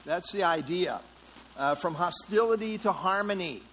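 Speaking expressively at a moderate pace, a man with a high, fairly bright voice teaches an interactive Bible study. He explains the passage in a conversational way, full of fillers, and questions the class. The audio is poor, with slight background noise.

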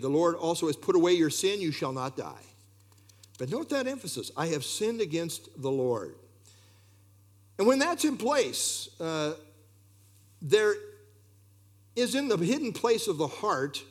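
A man delivers a sermon in a high-pitched voice, packing it with rhetorical questions and the odd filler word. His delivery is expressive throughout.

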